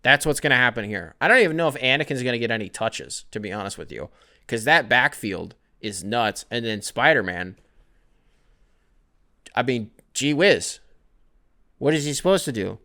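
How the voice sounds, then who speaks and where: A man's voice: mid-range voice, animated, moderate pace, creaky, bright, forceful tone. A young man hosting his own podcast alone, rambling casually with plenty of swearing and self-deprecating asides. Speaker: podcast host. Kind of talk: solo casual podcast rant.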